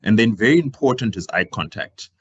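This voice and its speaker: Husky man teaching public speaking. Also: animated, fairly quick, muffled recording. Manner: projecting louder than usual, swinging his pitch and volume up and down to demonstrate. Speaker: career talk presenter. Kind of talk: live workshop presentation.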